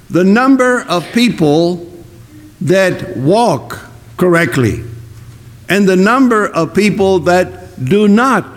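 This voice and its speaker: A man preaching a sermon, slow and emphatic, repeating key words for weight. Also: high voice. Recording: long reverb of a hall.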